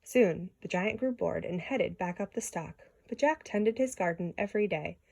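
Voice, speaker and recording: A woman reading a children's story aloud in an expressive way, with small slips and restarts. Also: medium pitch, moderate pace, creaky. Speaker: storybook reader.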